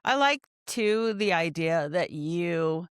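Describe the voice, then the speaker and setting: A woman's voice: fairly low pitch, animated, slow pace, clear, resonant tone, dry recording, clean studio sound. A woman from the American Midwest hosting a casual podcast interview, effusive and rambling, often interrupting herself. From Kansas City area, US Midwest. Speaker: podcast host.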